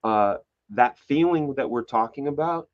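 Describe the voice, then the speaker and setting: A mid-pitched man chats loosely on a podcast, spinning stories with bursts of energy and plenty of swearing. He acts out other people's lines as he talks. The audio is a little dull and lo-fi. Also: measured pace. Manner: animated storyteller, swears, acts out quotes. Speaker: comic book artist guest. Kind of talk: casual podcast conversation.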